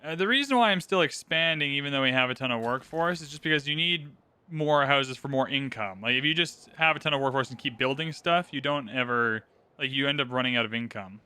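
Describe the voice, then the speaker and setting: A man's voice: mid-range voice, brisk, sharp tone, clear, resonant tone. A man hosting a gaming channel, talking through a strategy game in casual, upbeat commentary and explaining his moves as he plays.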